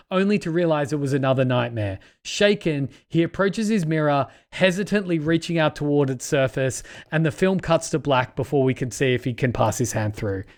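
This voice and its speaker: A man co-hosting a podcast, recapping a film's plot and gushing about its scenes in casual chat. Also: a little high. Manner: excitable, narrates plot then gushes. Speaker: podcast co-host.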